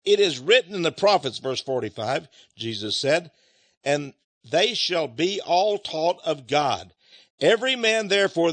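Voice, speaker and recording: A male preacher with a high, swooping voice, reading scripture and explaining it with emphasis. He fires rhetorical questions at his listeners and chuckles between points. The recording is dry and close, with no room sound. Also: a bit bright, no echo.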